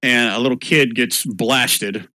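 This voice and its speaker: Bright-voiced man running a game. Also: medium pitch, takes it slowly, no echo. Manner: laughing, descriptive. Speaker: game master. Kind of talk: narrating a tabletop game. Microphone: online voice chat.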